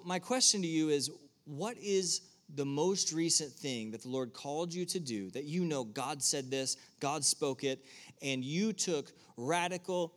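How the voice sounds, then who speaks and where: In a church room with an audience, a man preaches a sermon in a fairly high, fairly bright voice. He keeps it conversational and puts direct questions to his listeners.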